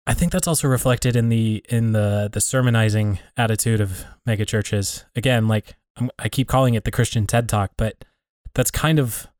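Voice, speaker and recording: A man in a relaxed conversation, thinking aloud about community and faith, often restarting and rephrasing as he works out his point. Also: lowish voice, normal speed, no echo, studio quality. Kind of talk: reflective casual conversation.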